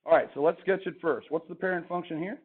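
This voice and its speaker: A man's voice: on the high side, fast, breathy edge. A male math teacher lecturing a classroom, chatty and quizzing the students as he goes. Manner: chatty, asks the class questions. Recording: tinny phone-like classroom recording.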